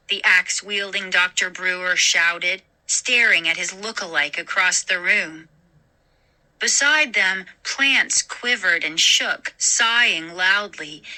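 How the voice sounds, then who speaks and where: A woman host narrating a scary story in a slow, dramatic reading. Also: mid-range voice, sharp tone, poor audio.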